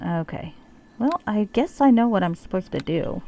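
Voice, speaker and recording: A woman's voice: mid-range voice, lively intonation, normal speed, creaky, warm tone, slight background noise. A woman streaming a role-playing game, with wry, joking asides. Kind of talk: casual let's-play commentary.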